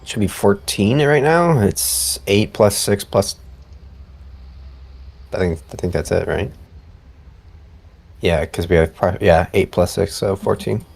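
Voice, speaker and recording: Tabletop player, male, low voice, sleepy and relaxed, halting speech. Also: creaky. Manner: relaxed, halting, laughs often. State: just woken up. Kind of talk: casual tabletop game chat.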